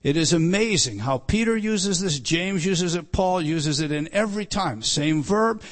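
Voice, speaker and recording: A man preaching an earnest sermon, often repeating words and slowing down for emphasis. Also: sits high, lively intonation. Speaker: pastor.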